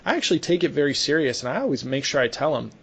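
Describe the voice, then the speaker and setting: A man's voice: on the high side, sing-song, very fast, vocal fry, a bit bright, husky. A young man, a sports medicine clinician, chatting casually and telling a story with lots of restarts and fillers. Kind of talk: casual podcast conversation.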